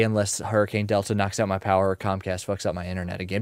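Dude rambling on his solo podcast at his mom's place, low voice, jokey and self-mocking, gets loud then quiet, dry sound. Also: fast talker, few pauses, no room sound. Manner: joking, self-mocking, animated swings in loudness. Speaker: podcast host and streamer. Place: indoors at his mom's house.

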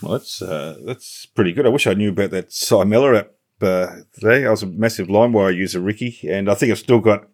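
A man with a fairly low voice, hosting a podcast. He chats casually and drops in relaxed, joking asides. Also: fairly quick, no room sound, clean studio sound. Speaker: podcast host. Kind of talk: casual chat.

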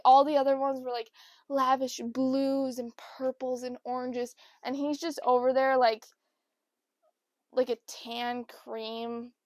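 A young woman telling comic stories about her pets, lively and swearing, acting out what people said. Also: on the high side, no room sound, studio quality. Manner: animated, swearing, acts out quotes with big swings in loudness. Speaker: storyteller. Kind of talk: comedic storytelling monologue.

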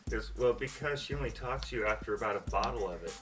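A man hosting a casual talk show, joking wryly and slowing down when he introduces the topic. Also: on the low side, far from the mic, music in the background. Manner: wry, joking, slow and deliberate when introducing. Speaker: podcast host. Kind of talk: casual chat.

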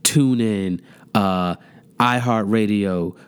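A man's voice: lowish voice, takes it slowly, clear, resonant tone. A man hosting a podcast, ranting in a heated, profane, mocking way with lots of repetition. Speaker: podcast host. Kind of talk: casual rant.

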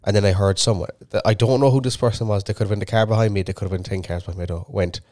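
A man's voice: lowish voice, fairly even intonation, racing, darkish tone, no room sound. A man, co-hosting a podcast and telling a long sweary story in casual chat. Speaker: podcast co-host.

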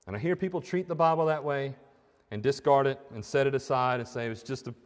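A man delivering a sermon in a church hall, his voice carrying a long reverb off the walls. He preaches emphatically and pushes hard on key phrases, at a mid pitch for a man. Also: quick pace. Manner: emphatic, rising to stressed peaks on key phrases.

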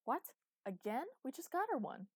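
A woman's voice: high voice, very animated, moderate pace, darkish tone, breathy edge, no echo, voice pushed up, exaggerated voice. A woman reading an audiobook, voicing a grumbling, exasperated man who is a spaceship father.

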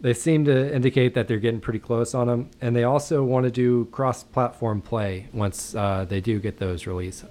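A man's voice: mid-range voice, normal speed, few pauses. A man co-hosting a gaming podcast, chatting casually with a lot of hesitant fillers. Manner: relaxed, hesitant, with many fillers. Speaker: podcast co-host. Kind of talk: casual chat.

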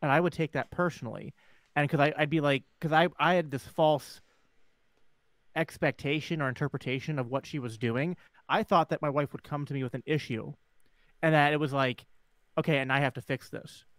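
A man's voice: fairly high pitch, a little fast, a bit bright, no room sound. A man co-hosting a casual panel chat, speaking earnestly and reflectively with frequent restarts. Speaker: podcast co-host.

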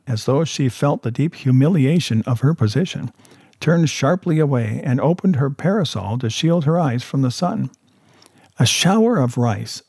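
A man reading a story aloud in a steady, measured narration. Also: mid-range voice, breathy edge, dry recording, clean studio sound. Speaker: audiobook reader. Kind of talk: scripted narration.

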